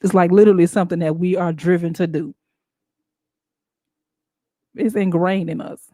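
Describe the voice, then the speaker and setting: Mellow-voiced woman, emphatic show host. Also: fairly low pitch, moderate pace, dry recording. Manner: animated, emphatic, laughs often. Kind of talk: casual talk-show monologue.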